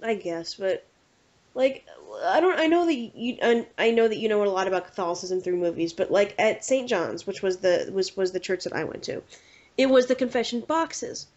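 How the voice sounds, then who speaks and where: A woman hosting a podcast, telling rambling, animated stories in casual chat. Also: mid-range voice. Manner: animated, rambling, quick to slip into quoted voices. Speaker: podcast host. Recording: dull lo-fi podcast audio.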